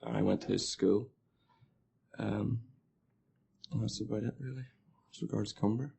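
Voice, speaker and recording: A man with a softened Northern Irish accent and a gravelly, low voice. He speaks in a flat, even tone with a dark, mellow sound. His delivery is relaxed and unhurried, with frequent uhs. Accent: Northern Irish, softened by years in England. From near Belfast, Northern Ireland. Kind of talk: unscripted monologue for a language lesson.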